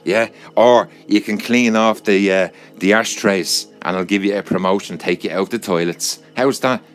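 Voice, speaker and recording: A man's voice: lowish voice, normal speed, soft background music, close to an everyday voice. An Irish man voicing a pompous cigar-smoking male boss in a put-on Texas accent, bossy and blustering. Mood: patronizing.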